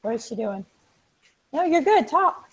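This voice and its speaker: A woman hosting a casual live stream, chatting excitedly with viewers, reading out their comments and filling pauses with ums and restarts. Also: sits high, poor audio. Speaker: livestream host.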